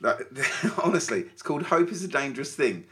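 A man chats on a podcast with an animated, stumbling delivery full of restarts. His voice swoops widely in pitch. It has a bright, forceful edge. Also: brisk. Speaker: podcast co-host. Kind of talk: casual chat.

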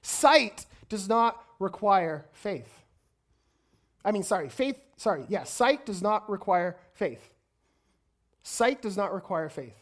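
A woman preaching a sermon in an energetic way, often stumbling and repeating words as she goes. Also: medium pitch, slow pace.

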